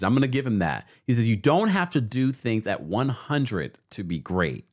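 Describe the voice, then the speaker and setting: A man hosting an entertainment commentary channel, reading out social posts and reacting to them in a casual, animated way. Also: mid-range voice, moderate pace, few pauses. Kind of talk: casual commentary with a sponsor read.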